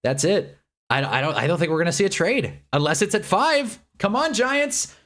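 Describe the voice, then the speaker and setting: A man hosting a live reaction stream, talking in an excitable, rambling way and laughing often. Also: high voice, normal speed.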